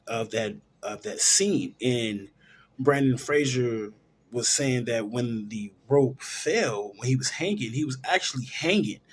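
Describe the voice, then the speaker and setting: Man, film show host, husky voice, casual plot recap, rambling with fillers. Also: mid-range voice. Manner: rambling storyteller, loose with fillers and restarts.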